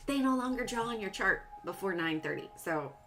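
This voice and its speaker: A woman hosts a live stock trading stream with music behind her, offering casual market commentary as she works through her charts and jokes playfully with viewers. Her medium-pitched voice is brisk and sharp with lively intonation, and there's a little hiss or hum.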